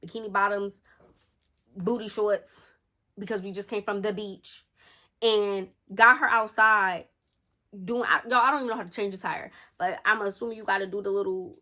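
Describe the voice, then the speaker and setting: A woman vlogger telling a personal story in a chatty, animated way, slangy and talking straight to her viewers. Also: mid-range voice. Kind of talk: casual storytime.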